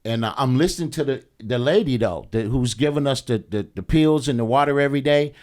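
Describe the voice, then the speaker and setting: A middle-aged man appears as a podcast guest, telling a story in a casual, animated and profane way. He often acts out the voices of the people he quotes, speaking briskly at a medium pitch.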